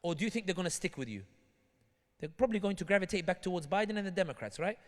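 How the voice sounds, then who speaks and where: British-accented man, from Tunisia, rapid and animated delivery, higher-pitched voice, long hall reverb, acts out characters in his anecdotes. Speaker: guest speaker. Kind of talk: community talk with humorous anecdotes. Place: large hall at an Islamic center.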